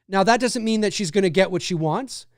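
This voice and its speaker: Smooth-voiced man hosting a rambling livestream. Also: sits high, a little fast, dry recording, studio quality. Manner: rambling, reads viewer comments aloud. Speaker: livestream host. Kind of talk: casual livestream chat.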